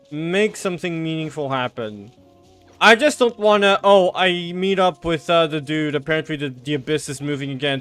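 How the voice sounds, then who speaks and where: Excitable swearing male streamer. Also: on the high side, smooth. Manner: swearing a lot, excitable outbursts, sarcastic. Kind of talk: casual gaming commentary.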